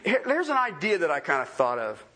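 Guy preaching a sermon, high voice that jumps all over, keeps asking the crowd questions. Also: fairly quick. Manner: animated, asks the congregation many questions. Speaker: pastor.

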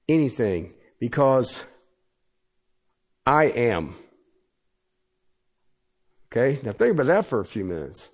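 In a church, a pastor preaches a sermon in a medium-pitched, slightly mellow male voice. He is emphatic and repetitive, shifting pace suddenly and checking in with listeners by repeatedly asking "Okay?"

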